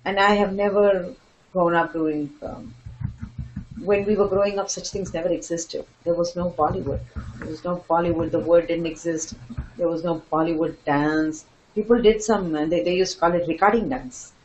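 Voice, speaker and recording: Older woman guest, expressive raconteur who mimics people. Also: fairly low pitch, normal speed, a little hiss or hum, poor audio. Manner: animated, laughing, acts out quoted voices. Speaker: dance teacher and guest. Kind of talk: storytelling interview answers.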